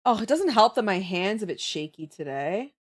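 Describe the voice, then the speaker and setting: A woman's voice: mid-range voice, sing-song, moderate pace. A woman streamer, out of breath, chatting casually and thinking aloud while she draws on a livestream. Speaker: streamer drawing emotes.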